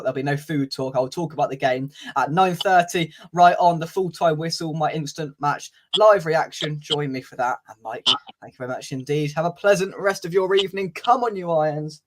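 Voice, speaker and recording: A man's voice: fairly high pitch, a little hiss or hum. A man hosting a casual fan live stream, chatting, reading out viewer comments and laughing easily. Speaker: fan channel host.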